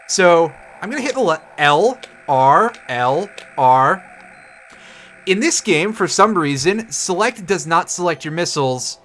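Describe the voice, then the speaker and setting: A man's voice: fairly high pitch, fairly bright tone, slight background noise. A man streaming a game, giving casual, sarcastic commentary with swearing and jokes. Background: game music.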